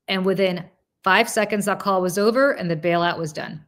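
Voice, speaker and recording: A woman hosting a political talk show, telling a story in an animated, casual way with asides and restarts. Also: medium pitch, brisk. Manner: slips into mocking quoted voices of politicians. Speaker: political commentator and show host.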